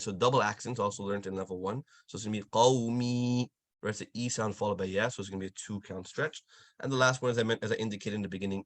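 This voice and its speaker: A man leads an online recitation lesson over a video call and patiently corrects each student. He speaks quickly in a slightly low voice. The sound is dry and close. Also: no echo. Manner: patient, encouraging, demonstrates sounds slowly. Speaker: Quran recitation teacher.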